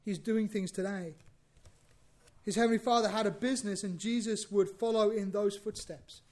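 High-pitched guy giving a sermon, lively, repeats himself a lot. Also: normal speed. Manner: animated, acts out biblical dialogue, repeats himself. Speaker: preacher.

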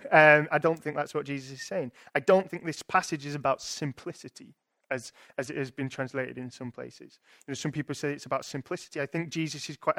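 A young man preaches in a chatty, thinking-aloud way, often restarting and checking in with his listeners. His voice sits a little high for a man. The sound is dry and close, with no room around it. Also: a bit bright, dry recording. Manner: conversational, thinking aloud with frequent restarts and rhetorical "right?". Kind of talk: sermon.

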